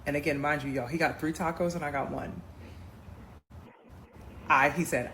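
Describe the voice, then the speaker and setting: A woman telling a dating story in a casual storytime, addressing viewers as y'all with animated emphasis. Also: sits low, moderate pace, pauses often, slight background noise, low-quality recording. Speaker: storyteller in a clip.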